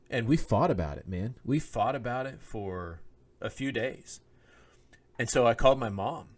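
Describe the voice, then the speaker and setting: A man's voice: mid-range voice, animated, moderate pace. A man co-hosting a podcast, telling a personal story in casual chat, acting out quoted lines and laughing often. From Oklahoma. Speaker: podcast co-host, minister. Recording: podcast microphone.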